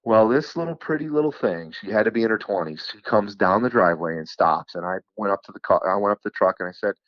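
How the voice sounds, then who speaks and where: A man from New York with a lowish voice tells a story with animated energy, full of fillers like "you know" and repeated words. The sound is dull and lo-fi, with a very dry, close feel. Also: fast, no room sound. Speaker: podcast guest, turkey caller. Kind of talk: casual anecdote telling.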